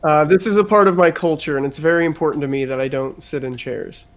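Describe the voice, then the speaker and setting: A man's voice: on the high side, quick pace. A man playing a tabletop game, talking bluntly and arguing in character. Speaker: player. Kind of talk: casual tabletop game play.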